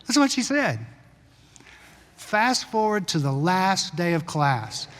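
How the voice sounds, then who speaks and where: A male pastor preaching a sermon in a conversational storytelling way, sometimes brisk, sometimes slow and hushed. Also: high voice, very animated. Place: church sanctuary. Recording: long church-hall reverb.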